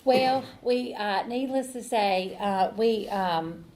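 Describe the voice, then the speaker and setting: A woman's voice: medium pitch, slow pace, a little mellow, a little hiss or hum. A middle-aged woman, telling her recovery story in a rambling way, with many fillers and restarts, and laughing at herself. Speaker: AA speaker. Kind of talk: personal recovery talk.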